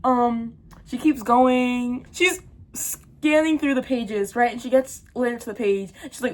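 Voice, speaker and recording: Teen girl, casual book vlog, animated ranting storytime, slightly high voice. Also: unhurried. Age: teens. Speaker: book vlogger.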